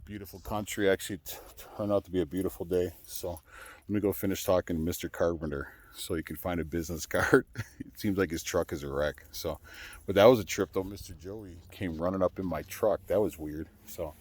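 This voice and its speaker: A man's voice: deep voice, fairly even intonation, fairly quick. A man, a truck driver, chatting casually to his viewers in a rambling way, full of fillers and restarts.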